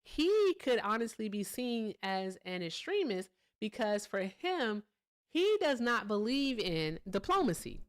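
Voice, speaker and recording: A woman hosts a casual political commentary livestream in a smooth, clear voice at a middle pitch. She talks bluntly and swears freely, breaking off now and then to chat with her viewers. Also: big pitch swings, unhurried. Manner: blunt, profane, chats with viewers between points. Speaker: livestream host.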